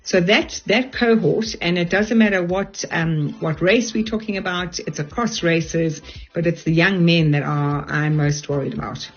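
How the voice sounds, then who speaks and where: Speaking unhurriedly in a lowish voice with fairly even intonation, an older South African woman gives sincere, straightforward advice as a guest on a radio show about resilience. The interview comes through as dull lo-fi radio sound with a little music in the background.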